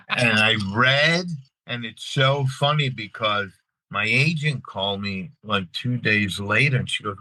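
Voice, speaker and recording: Long Island man with a bright, dry voice. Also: fairly low pitch, unhurried, dry recording, rough recording. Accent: New York. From Long Island, New York. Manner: animated, repeats words, acts out scenes. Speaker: actor and guest. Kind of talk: casual interview storytelling.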